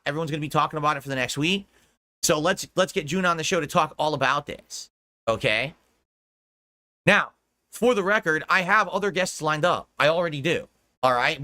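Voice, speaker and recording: An American man talks to his stream audience in a rambling, casual way, laughing and swearing as he goes. His voice is bright and pushed forward, sitting a little high, and it sounds dry and close. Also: no room sound. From United States.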